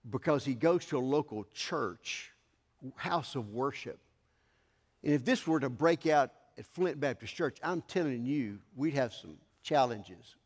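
A man pastor preaching an emphatic sermon in a church sanctuary, his voice swelling to loud declarations. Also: mid-range voice, long reverb tail.

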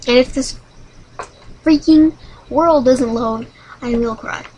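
A woman hosting a solo game video, chatting dramatically with sudden high squeals. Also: slow pace, dark tone, slight background noise, low-quality recording. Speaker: gaming channel host.

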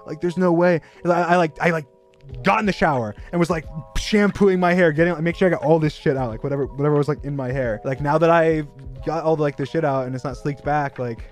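A man's voice: a little high, fast talker, faint music behind. Young man rambling through a story. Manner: rambling, filler-heavy, self-mocking, breaks into laughter. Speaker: streamer. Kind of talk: casual storytelling on a livestream.

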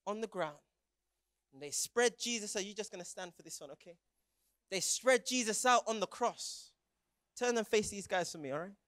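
A young man preaches with a strikingly high voice, telling the story in vivid, graphic detail. He stumbles through quick restarts and calls on his listeners to stand and shout along. The sound is dry and close, with almost no room echo. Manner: vivid, graphic retelling with frequent stammered restarts and audience prompts. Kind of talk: dramatic sermon storytelling to young people.

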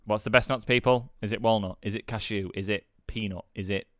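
A man's voice: fairly low pitch, steady tone, a little fast, fairly bright tone, no echo, clean studio sound. A man co-hosting a live game stream, chatting casually, laughing often and teasing his co-host.

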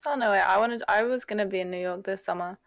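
Hesitant young woman with a gravelly voice. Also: medium pitch, fast, dry recording. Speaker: date guest. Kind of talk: casual chat.

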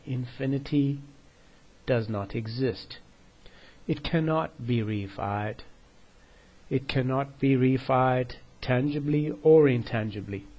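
A man's voice: mid-range voice, muffled recording. A man hosting a math video channel, lecturing in a scornful, combative way, out of breath and often asking "okay?". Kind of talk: lecture-style video commentary.

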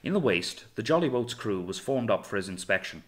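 A man reading a novel aloud in measured, dramatic storytelling narration. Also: fairly low pitch, sing-song, a bit bright. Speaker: audiobook narrator. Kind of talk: scripted narration.

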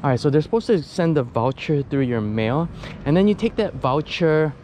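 A man's voice: on the high side, animated, moderate pace, a little mellow, slight background noise. A man vlogging while riding a bicycle outdoors, talking casually in a rambling way with many fillers and restarts, a little out of breath. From United States. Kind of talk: casual chat while cycling.

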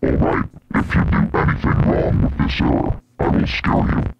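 A synthetic voice playing a computer error program that gives flat warnings and threats. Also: normal speed, dull audio, close to an everyday voice. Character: menacing computer error announcer. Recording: loud music over the voice. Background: loud music.

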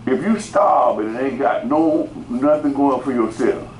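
A male pastor with a medium-pitched, somewhat dark voice preaches unhurriedly, repeating words and calling out to the congregation in rising bursts. The recording has a roomy echo and faint background noise.

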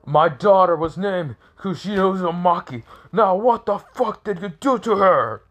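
A man's voice: on the low side, takes it slowly, a bit bright, highs cut off. A man voicing a furious, vengeful grandfather clan leader, growling angry threats in a casual fan story. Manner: gruff angry threats, stumbling rewording.

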